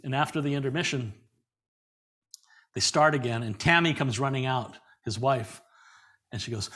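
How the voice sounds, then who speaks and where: A middle-aged man with a mid-pitched voice, recounting stories as a podcast guest. He talks in a loose, animated way, doubling back on words and laughing as he goes. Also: normal speed, long pauses, slightly rough. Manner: lively anecdotes, repeats words, laughs often. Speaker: guest performer. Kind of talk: conversational storytelling in an interview.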